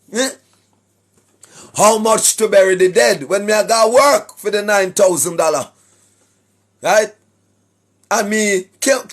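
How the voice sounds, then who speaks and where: High, husky Jamaican man preaching. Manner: sing-song rhetorical delivery, keeps asking "right?", clears throat often. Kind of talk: preachy livestream address to viewers. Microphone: speaking straight to a camera or phone.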